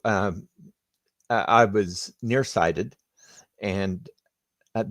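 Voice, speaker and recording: An older man, a retired flight surgeon, telling stories in an unhurried, plainspoken way as a podcast guest. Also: lowish voice, gravelly, no room sound. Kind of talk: conversational interview storytelling.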